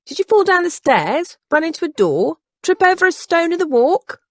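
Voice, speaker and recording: A woman's voice: medium pitch, sing-song, brisk, no room sound. A woman voicing an outspoken, teasing younger sister in an audiobook. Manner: bold, needling.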